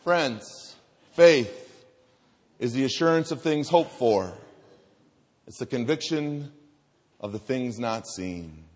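A man preaching a sermon in a church, telling stories and dropping to soft, earnest tones. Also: medium pitch, expressive, takes it slowly, long pauses. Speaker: pastor. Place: church sanctuary. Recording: long hall reverb.

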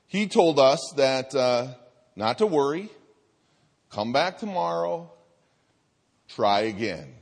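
Animated man preaching in a big hall. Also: mid-range voice, slow pace, creaky, long pauses. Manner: animated storytelling, acts out voices. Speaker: pastor. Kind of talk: sermon with personal story. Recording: reverberant hall.

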